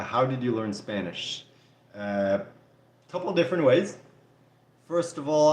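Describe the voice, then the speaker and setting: A man's voice: fairly low pitch, roomy sound, slight background noise. A man from Canada with a French Canadian accent, hosting a live Q&A and reading out viewer comments in casual chat, with plenty of "like" and "you know". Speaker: livestream host answering viewer questions.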